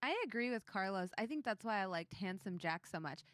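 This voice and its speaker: Brief: woman panelist, animated and gesturing, middle pitch, dry close sound. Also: brisk, dry recording. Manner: animated, acts out quotes, talks with her hands. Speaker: panelist game master. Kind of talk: casual panel discussion.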